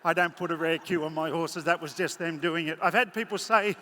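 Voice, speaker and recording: A man leads a live horse-training demonstration in a big indoor arena, talking in a folksy, chatty way. His voice sits high and bright. It carries through the long echo of the hall, with a faint murmur of the crowd behind it. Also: steady tone, a little fast, slight background noise. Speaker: horse clinician.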